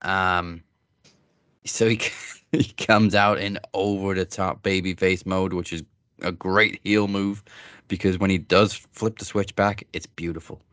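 A man with a low voice talks in a loose, rambling way, stopping and restarting often. He is recorded close and dry. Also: fairly even intonation, a little slow, a bit bright, no echo. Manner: rambling, many fillers and restarts. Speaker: podcast co-host. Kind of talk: casual wrestling chat.

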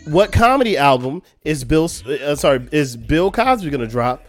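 A man's voice: on the high side, big pitch swings, normal speed, over music. A man co-hosting a podcast, arguing his point insistently in casual debate. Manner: insistent, argumentative. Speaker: podcast co-host.

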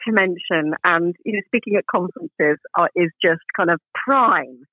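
A woman's voice: lowish voice, moderate pace, breathy edge, no room sound. A woman guest in a casual interview, telling stories in a chatty, self-deprecating way with many restarts. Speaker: guest speaker. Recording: phone-like narrow line.

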